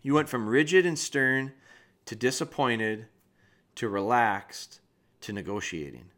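A man's voice: medium pitch, animated, a little slow, fairly bright tone. A man hosting a dog training podcast, reviewing a trainee's video and talking directly to him with frank critique.

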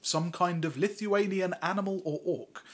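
A man co-hosting a podcast in casual chat, animated and sardonic, talking in long run-on sentences. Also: high voice, moderate pace. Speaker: podcast co-host.

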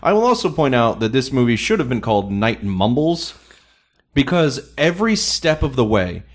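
A man's voice: mid-range voice, very animated, normal speed. A man co-hosting a casual film review chat, ranting sarcastically and swearing as he pans a movie. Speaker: film review podcast co-host.

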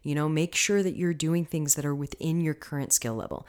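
A woman's voice: sits low, fairly even intonation, brisk, few pauses, darkish tone. A woman hosting her own podcast, talking casually and coaching her listeners, often checking in with them. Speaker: podcast host. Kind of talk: casual solo podcast talk.

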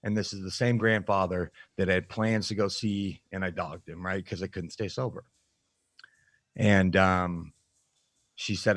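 A man, a podcast guest, frankly telling his life story in a reflective, halting way with plenty of fillers. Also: lowish voice, a bit bright, no room sound. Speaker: podcast guest, nutrition coach. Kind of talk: candid personal storytelling in an interview.

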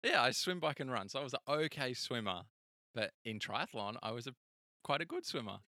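Male host, relaxed and quick to laugh, bright voice, dry close sound. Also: mid-range voice, dry recording. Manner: easygoing, laughs often. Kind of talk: casual chat.

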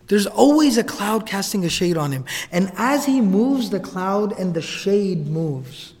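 High-voiced man lecturing in a hall. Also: expressive, a little slow, few pauses, a little mellow. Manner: casual, conversational retelling with asides. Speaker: religious lecturer. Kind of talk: storytelling lecture. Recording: long hall reverb.

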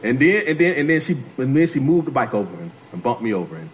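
A man's voice: medium pitch, sing-song, fast talker, a little hiss or hum, rough recording. A man preaching a sermon as a guest speaker, talking to the congregation, repeating phrases and calling on them to answer.

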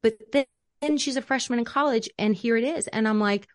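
A middle-aged woman, a parenting coach, talking casually and acting out quotes in animated voices. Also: on the high side, a little fast, no room sound, studio quality. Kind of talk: casual conversational talk.

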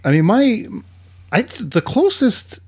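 A man's voice: high-pitched, sing-song, takes it slowly, darkish tone, husky. A man co-hosting a podcast, chatting casually and rambling with frequent restarts. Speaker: podcast co-host. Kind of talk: casual chat.

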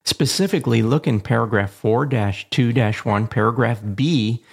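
A man hosting an instructional show on aviation radio communication, reading a measured, plain script with a dry touch of humor. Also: medium pitch, gravelly, slightly rough. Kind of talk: scripted educational narration.

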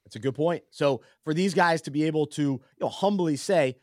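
A man's voice: a little high, fairly quick, few pauses, darkish tone, no room sound, studio quality. A man co-hosting a casual sports talk show, earnest and thoughtful, often restarting his sentences. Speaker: podcast co-host. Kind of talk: casual sports chat with a faith angle.

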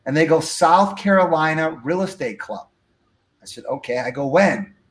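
A man telling a story from his life as an interview guest, acting out the dialogue with lively energy. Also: on the high side, moderate pace, roomy sound. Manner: animated, acts out dialogue. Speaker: guest speaker.

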